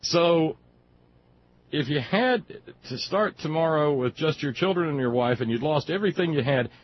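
A sardonic male talk radio host delivering indignant political commentary with frequent stammered restarts. His voice is husky and pitched a little high for a man, and it comes through on muffled, lo-fi broadcast audio. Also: animated, moderate pace.

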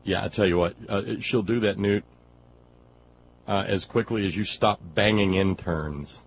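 A man's voice: low voice, measured pace. A man hosting a political talk radio show, sarcastic and combative, talking loosely with many fillers and restarts. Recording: dull lo-fi radio audio with faint noise.

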